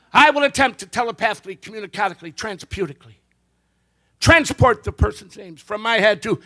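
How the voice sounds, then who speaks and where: A man's voice: very high voice, bright, forceful tone. A man performing stand-up comedy and magic on stage, telling jokes with punchy timing and brief character voices.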